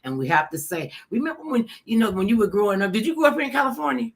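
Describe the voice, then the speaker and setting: A middle-aged woman hosting a casual chat, telling stories with animated acted-out voices. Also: on the high side, fast talker, creaky. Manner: animated storyteller, acts out voices. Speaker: host.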